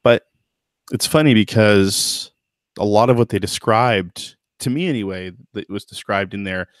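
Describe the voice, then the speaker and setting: A man's voice: fairly low pitch, unhurried, dry recording, studio quality. A man hosting a podcast in casual chat, thoughtful and hedging, with lots of fillers and restarts. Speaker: podcast host.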